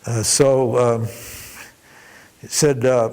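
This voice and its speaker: A man's voice: medium pitch, unhurried, long pauses, a little mellow. A man teaching a workshop on devotion, with chuckling asides and frequent rhetorical "huh?" as he tells stories. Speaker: spiritual teacher.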